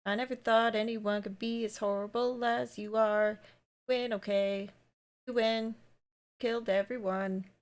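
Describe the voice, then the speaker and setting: A woman's voice: fairly high pitch, steady tone, a little slow, clear, resonant tone, natural voice. A woman reading out the lines of a heartbroken, betrayed young woman from a game, pleading and then bitterly accusing.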